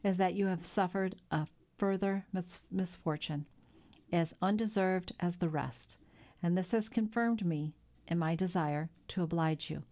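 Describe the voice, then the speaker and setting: A woman voicing a cold, reserved English gentleman who speaks in a measured, formal way in a storybook reading. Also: lowish voice. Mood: composed.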